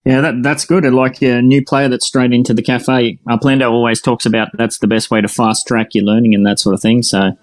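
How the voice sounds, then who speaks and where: An easygoing Australian man runs a casual voice-chat hangout, chatty and relaxed, tossing in "mate" as he goes. His voice sits at an ordinary pitch for a man and sounds dry and close, with no room around it. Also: fairly quick, hardly any pauses, no room sound. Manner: laid-back, chatty, says mate. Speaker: host. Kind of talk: casual online voice-chat show.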